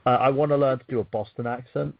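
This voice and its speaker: A man co-hosts a casual podcast, cracking jokes and swearing freely. His voice is mid-pitched and dry. The audio is dull and lo-fi. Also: fairly even intonation, fast talker, creaky, no echo. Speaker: co-host. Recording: muffled lo-fi audio.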